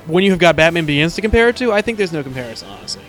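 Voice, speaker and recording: A man's voice: a little high, very animated, very fast, a bit bright, soft background music. A man co-hosting a casual chat, joking and swearing as he rambles. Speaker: podcast co-host.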